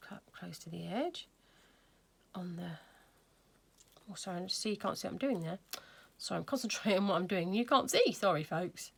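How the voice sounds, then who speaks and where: A woman's voice: on the low side, expressive, normal speed, creaky, fairly bright tone, breathy edge. A woman hosting a casual crafting tutorial, chatting and thinking aloud as she works. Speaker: craft video host.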